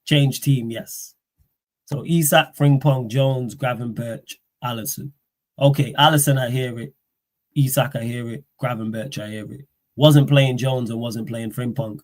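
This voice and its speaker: A man, hosting a football livestream, talking in a slangy, animated way and firing off rhetorical questions. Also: mid-range voice, measured pace. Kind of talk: casual live-stream rant.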